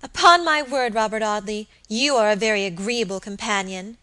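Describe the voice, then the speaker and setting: A woman reading a sharp-tongued young lady. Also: medium pitch, normal speed, natural voice, poor audio. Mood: teasing. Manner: tart, mocking.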